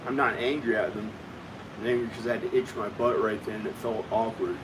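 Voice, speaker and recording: A man's voice: on the low side, fairly even intonation, fairly quick, noisy background. A man vlogging at home in a casual, rambling monologue, often repeating himself as he talks to the viewer. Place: at home indoors.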